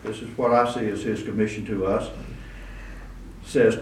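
A man's voice: fairly low pitch, little pitch movement, normal speed, long pauses, a little mellow. A man preaching a conversational sermon, with asides and restarts, recorded in a church. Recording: roomy echo, distant mic, faint room noise.

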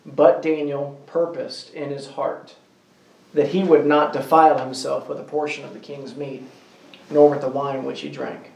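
A man leading a small group Bible study, asking the group questions and slowing down to stress key words. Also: medium pitch, flat delivery, gravelly, a little mellow, recorded from a distance. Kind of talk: interactive Bible class teaching. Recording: roomy echo, voice from off-mic.

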